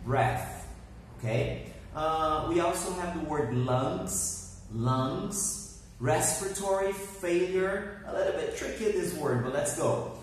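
Slow echoey man teaching English words. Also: on the high side, slight background noise. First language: Portuguese. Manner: slow, drilling words with "repeat after me". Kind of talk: online English lesson. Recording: very echoey room, heard from a distance.

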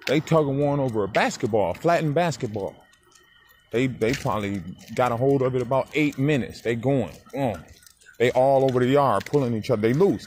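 A man in his forties telling a story in a casual vlog, animated and swearing as he talks straight to the viewer. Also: mid-range voice, slight background noise. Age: 40s. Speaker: dog breeder. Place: outdoors walking a dog.

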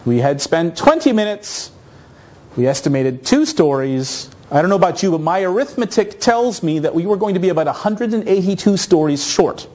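A man from North America giving a conference talk, telling a story in an animated, self-mocking way. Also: high-pitched, normal speed. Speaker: conference speaker.

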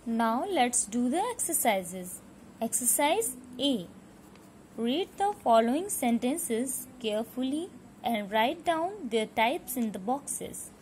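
A woman teaches a children's grammar lesson. Her voice sits high, and she repeats each point and spells words out letter by letter. A faint hiss of background noise runs under the recording. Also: a little mellow. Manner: repetitive, checks understanding, mixes in Hindi. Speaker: school teacher.

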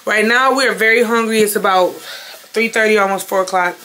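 A woman's voice: mid-range voice, steady tone, fairly quick, a little hiss or hum. A young woman chatting casually to her viewers while shopping and at home, a bit out of breath, recorded on a handheld phone. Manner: chatty, addresses viewers as y'all. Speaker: vlogger, mother. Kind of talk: casual vlog chat. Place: grocery store, then home. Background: loud background music.

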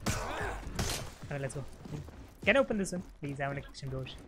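Excitable man gaming, lively pitch, noisy track. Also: moderate pace. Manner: excitable, laughs often, repeats himself. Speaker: gaming channel host. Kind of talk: casual gameplay chat. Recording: loud constant background noise.

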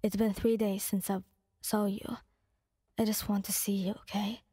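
A woman voicing a calm, caring teenage boy hero in whispered role-play, soft and gently coaxing. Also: mid-range voice, normal speed, husky, dry recording, clean studio sound, voice pushed down, close to an everyday voice. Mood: gentle.

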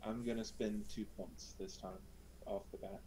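A man playing a tabletop game in casual chat, blunt and quick to swear. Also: on the low side, level tone, dark tone, slight background noise, rough recording.

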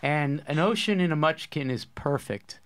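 A man's voice: on the high side, lively intonation, moderate pace, a bit bright, a little hiss or hum. A man hosting a poetry course discussion, explaining ideas with eager enthusiasm in a casual academic way.

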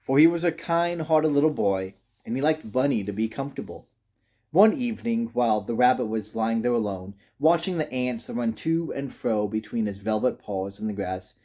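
A man reading a children's storybook aloud with gentle, expressive narration. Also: medium pitch, moderate pace. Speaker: reader.

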